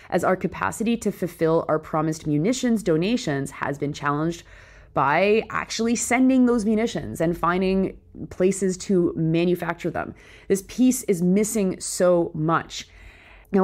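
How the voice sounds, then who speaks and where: A woman's voice: fairly low pitch, a little mellow. Sarcastic woman commenting on news. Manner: sarcastic, incredulous asides.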